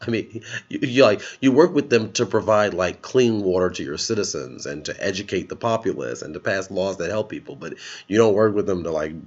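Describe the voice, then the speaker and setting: A low-pitched man giving casual, sarcastic political commentary for a vlog. He mocks his subject with put-on voices and chuckles along the way. The recording sounds dull and lo-fi, like a cheap home setup. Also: expressive, brisk. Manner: sarcastic, laughs at his own jokes. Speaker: political vlogger.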